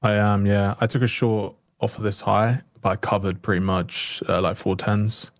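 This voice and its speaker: A man's voice: lowish voice, level tone, normal speed, dry recording, studio quality. A man with a British accent, talking casually about his trades over earbuds on a call. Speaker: trader guest. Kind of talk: casual trading chat. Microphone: earbuds over a computer call.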